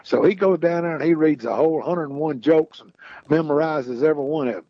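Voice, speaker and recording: A man's voice: fairly high pitch, brisk, dry recording, highs cut off. A man telling rambling folksy stories in casual chat, repeating "he said" as he goes. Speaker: podcast guest storyteller. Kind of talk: casual storytelling.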